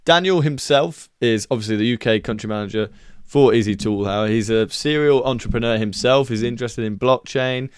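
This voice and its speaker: A man's voice: mid-range voice, brisk, clear, resonant tone, no echo, studio quality. A man hosting a podcast, chatty and jokey with his guest. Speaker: podcast host. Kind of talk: casual interview chat.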